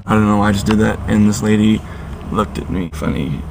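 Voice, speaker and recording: A man's voice: on the low side, sing-song, normal speed, vocal fry. A young man chatting casually to his camera, rambling and self-mocking in a silly mood. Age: young adult. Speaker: vlogger. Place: outdoors by a store. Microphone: handheld phone camera. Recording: distant mic, noisy outdoor recording.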